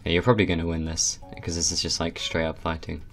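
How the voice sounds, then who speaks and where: A man hosting a casual gameplay video, excitable and constantly giggling as he plays. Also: low-pitched, fast talker, soft background music. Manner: giggly, excitable, laughs a lot. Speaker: gaming channel host.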